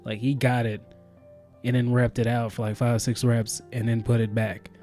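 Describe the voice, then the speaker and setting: A man co-hosting a podcast, riffing casually in a profane, animated way. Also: medium pitch, moderate pace, faint music behind. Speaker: podcast co-host. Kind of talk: casual chat.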